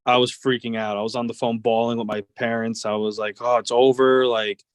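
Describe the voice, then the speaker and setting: A man's voice: mid-range voice, little pitch movement, quick pace, smooth, dry recording. A young man in his twenties, a baseball player, telling stories in a casual interview, rambling with lots of "like" and "uh". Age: 20s. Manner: rambling, many fillers like "like" and "uh". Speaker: guest, professional baseball player.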